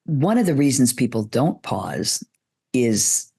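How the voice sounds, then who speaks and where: In an interview, a woman who teaches public speaking offers slow, considered guidance and demonstrates shifts in pitch along the way. She sounds very animated, with a creaky, husky voice and a dark tone.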